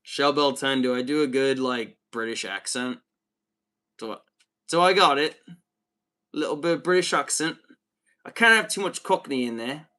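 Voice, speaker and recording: An upbeat American man hosts a casual livestream and reads viewer messages aloud. His voice has a bright, forward edge, and the pitch sits mid-range. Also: normal speed. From United States. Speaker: livestream host.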